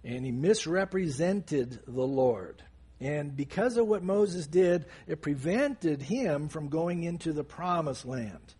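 A man preaching a sermon, explaining scripture in an animated, conversational way with casual asides. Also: fairly high pitch, slow pace, slightly rough.

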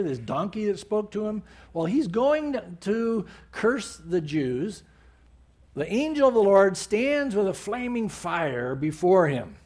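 In a sermon, a male preacher with a high-pitched voice retells a Bible story, narrating animatedly with bursts of emphasis.

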